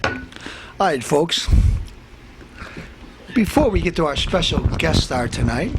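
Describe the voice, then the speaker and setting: A man hosting a comedy show, ranting in a boastful tough-guy manner, threatening to beat everyone up and breaking into shouts. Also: a little high, big pitch swings, slow, noisy background. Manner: bursts into shouting. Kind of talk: comic tough-guy rant.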